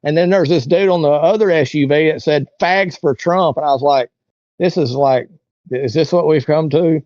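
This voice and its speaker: A man's voice: on the high side, moderate pace, darkish tone, dry recording, muffled recording. A man, an interview guest telling a long story in a rambling, folksy way. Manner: rambling, folksy, lots of "you know" and "like". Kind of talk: casual storytelling.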